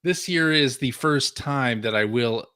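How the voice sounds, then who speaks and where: A man's voice: mid-range voice, unhurried, pushed and bright, clean tone, dry recording, clean studio sound. A man co-hosting a podcast in casual chat, upbeat and laughing often. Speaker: podcast co-host.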